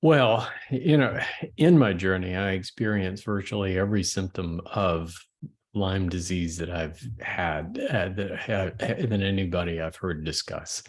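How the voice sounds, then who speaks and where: A man in his sixties, a physician guest in an interview, telling his story in a measured, reflective way. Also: low-pitched. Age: 60s. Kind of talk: casual interview.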